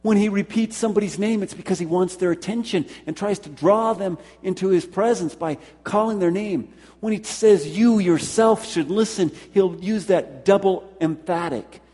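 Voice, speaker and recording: A man preaches in a husky, mellow voice, pitched a little above the usual. He stresses his points by repeating words and asks the congregation questions directly. The sound rings out with a long hall reverb. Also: moderate pace. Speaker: pastor. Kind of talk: sermon.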